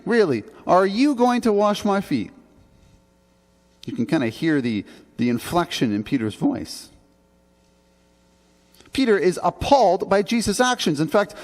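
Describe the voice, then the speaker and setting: With a mid-range, darkish voice, a pastor from Canada delivers a sermon in a church sanctuary. He's earnest and conversational, rising emphatically on key points, and long church reverb fills the recording.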